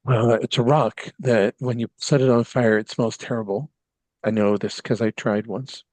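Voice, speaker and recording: A man's voice: mid-range voice, steady tone, moderate pace, a little mellow, no echo, natural voice. A man voicing an odd, naive and devout woman in a tabletop game, talking earnestly and rambling with many ums. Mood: curious. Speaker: player.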